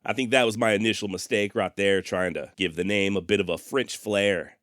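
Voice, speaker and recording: A man with a low, smooth, resonant voice tells history as a podcast host. His delivery is wry and folksy, and he is quick to poke fun at himself. The recording is dry and close. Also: steady tone, fairly bright tone, no echo. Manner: wry, sarcastic, self-mocking; folksy turns of phrase. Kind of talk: podcast storytelling narration.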